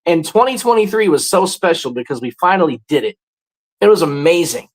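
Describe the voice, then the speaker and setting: Man, forties, livestream host, lively swooping pitch, casual sports chat. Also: fairly quick, rough recording. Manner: animated, greets chatters with loud high bursts.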